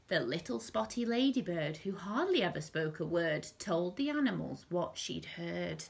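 A woman reading a rhyming picture book aloud to children in an expressive, sing-song rhythm. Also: on the low side, normal speed, creaky, hardly any pauses, breathy edge. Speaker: storyteller.

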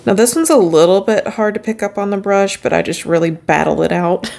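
A woman's voice: mid-range voice, normal speed, vocal fry, darkish tone. A woman beauty vlogger talking viewers through a makeup tutorial in a chatty, upbeat way, often calling them friends.

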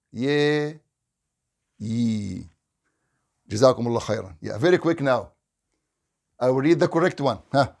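A man's voice: mid-range voice, vocal fry, darkish tone. A man teaching Quran recitation in a live online lesson, drilling letter sounds in short repeated syllables and correcting them, with Quranic phrases recited in chant.

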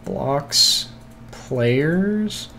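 A man's voice: fairly high pitch, lively intonation, very slow, sharp tone, a little hiss or hum. A man streaming a video game, muttering to himself in casual, scattered chatter with frequent swearing and hiccups.

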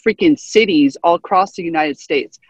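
A man's voice: on the high side, moderate pace, slightly rough, dry recording, muffled recording. A man guest arguing emphatically, repeating his points in a heated debate. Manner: emphatic, repetitive. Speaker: podcast guest.

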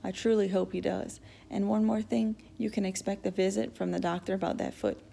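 A woman voicing a kindly, soft-spoken male sheriff who questions a boy gently and awkwardly. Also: mid-range voice, steady tone, brisk, gravelly, slight background noise.

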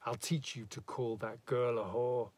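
Man playing a tough guy, gruff, curt, hard-edged. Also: mid-range voice, fairly even intonation, a little slow, a little mellow, lightly acted. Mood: menacing.

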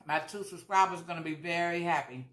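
A woman's voice: fairly low pitch, steady tone, a little fast, fairly bright tone, echoey room. A woman vlogger talking casually while she eats, chatty and repeating herself for emphasis. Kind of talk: casual mukbang chat.

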